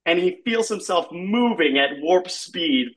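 A man spins an absurd comic story at an unhurried, slow pace and stops often to grope for words. His voice sits a little higher than most men's. The delivery is casual and halting, with lots of "like.". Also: expressive. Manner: rambling, halting, full of "like".

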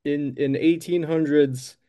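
A man's voice: fairly high pitch, fairly even intonation, takes it slowly, mellow. A man improvising a comic story, with dry, wry asides. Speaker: co-player and timekeeper.

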